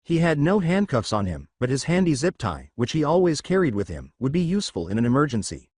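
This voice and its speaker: A man reading fan fiction aloud in a steady, measured way, though his pitch moves around a lot. The sound is dry and close to the mic. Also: no room sound. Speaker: narrator. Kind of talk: fanfiction story narration.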